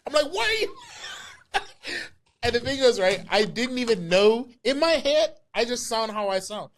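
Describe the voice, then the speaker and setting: A man with a mixed Bermudian and British accent co-hosting a podcast, telling stories in animated, casual chat with free swearing. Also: very high voice, normal speed. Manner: animated storyteller, swears freely. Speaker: podcast co-host.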